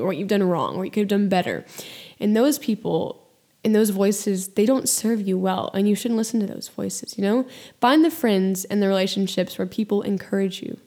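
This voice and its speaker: A woman hosts her own podcast in a reflective solo monologue about faith. She speaks earnestly and gently, with a mid-range pitch for a woman and frequent "like" and "you know" fillers. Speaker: podcast host.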